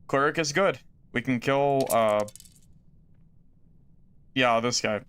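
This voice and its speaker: A man's voice: mid-range voice, slow pace, fairly bright tone, smooth. A young man streaming a video game, talking casually to chat in a rambling, self-mocking way that trails off into mumbles. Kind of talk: casual gameplay commentary.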